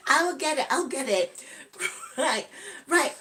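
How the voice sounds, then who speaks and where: A woman's voice: high-pitched, very animated, takes it slowly, pauses often, sharp tone, slight background noise. A woman in her sixties hosting a casual live stream, chatty and cheerful, giggling often and greeting viewers by name. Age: 60s. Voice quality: giggly, breaks into snatches of song.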